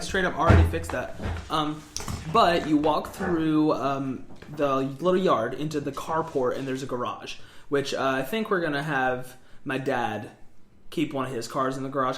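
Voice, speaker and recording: A man's voice: medium pitch, a little hiss or hum. A young man co-hosting a casual podcast, rambling and upbeat, with lots of "like" and "um". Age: young adult. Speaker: podcast co-host. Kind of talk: casual chat. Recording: echoey room.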